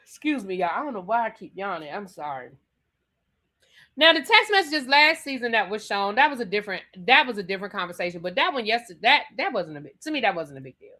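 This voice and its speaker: A woman's voice: medium pitch, big pitch swings, fast, sharp tone. A woman hosting a live show, reviewing a reality TV episode in a chatty, sassy way and repeating her points. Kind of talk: casual live rant reading viewer comments.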